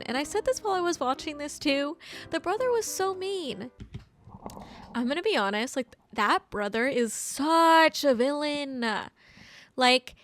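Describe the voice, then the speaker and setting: A woman casually recapping and reviewing a movie, rambling and chatty with lots of "like" and animated, exclamatory asides. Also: sits high, no echo. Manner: chatty, rambling, heavy use of "like".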